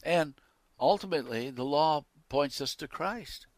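A man preaching a sermon who swings from loud, emphatic declarations to quiet asides and reads scripture with rising intensity. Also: on the high side, a little slow, no room sound.

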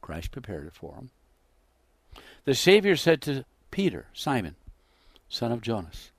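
A man preaching a sermon, acting out the quoted dialogue with big swings between loud and hushed delivery. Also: mid-range voice, wildly swooping pitch, unhurried, husky, no echo. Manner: dramatic, acts out quoted dialogue with wide swings in loudness.

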